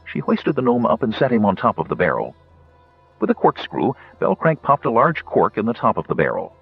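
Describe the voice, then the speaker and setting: A man reading an audiobook as narrator, telling the story in an expressive way. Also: mid-range voice, a little fast, creaky, breathy edge, no echo, phone-quality sound, soft background music.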